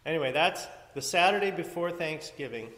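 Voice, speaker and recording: A man's voice: fairly high pitch, expressive, fairly quick, a bit bright. A man giving church announcements from the front as pastor, chatty and rambling, with many fillers and restarts. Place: church sanctuary. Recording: echoey hall from far off.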